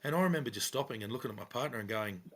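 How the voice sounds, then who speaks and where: A man's voice: mid-range voice, racing. A middle-aged Australian man telling a police story in casual chat, acting out quoted lines in a raised voice. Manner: animated, acts out quotes with raised voice. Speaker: podcast co-host, former police officer.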